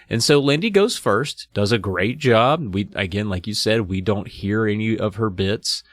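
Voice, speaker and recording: A man's voice: on the low side, normal speed, hardly any pauses, no echo, clean studio sound. A man hosting a casual book discussion podcast, retelling the story and reading excerpts aloud. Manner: reads excerpts aloud, lively voices for characters. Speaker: podcast host.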